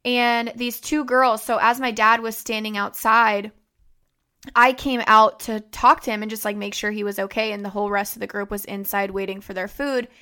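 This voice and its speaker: Her voice slightly high and sharp, a young podcast host tells a personal story at normal speed with a flat delivery. She talks conversationally, leaning heavily on fillers and "like."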